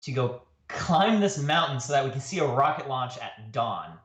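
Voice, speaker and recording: A man's voice: animated, normal speed. Chatty man in an echoey room. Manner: laughing storyteller, jumps high when quoting. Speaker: guest artist. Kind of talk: casual livestream chat. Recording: roomy echo.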